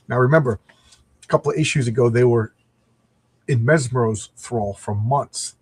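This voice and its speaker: A man's voice: medium pitch, normal speed, pauses often, husky. A middle-aged man chatting casually as he reviews a comic book, rambling and reading panels aloud.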